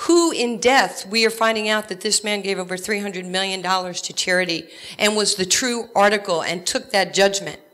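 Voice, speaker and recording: A woman with a New York accent tells lively stories and jokes as she accepts an award. Her voice is bright and ringing, pitched in a middle range for a woman. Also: normal speed, few pauses. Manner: animated storytelling with jokes. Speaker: award recipient. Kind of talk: acceptance speech.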